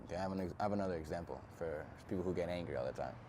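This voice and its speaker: An earnest young man talks through a self-help vlog in a casual, reflective way, with slang. His voice sits very low. He is outdoors, and faint traffic hums behind him. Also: rapid-fire. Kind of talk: casual motivational talk to camera.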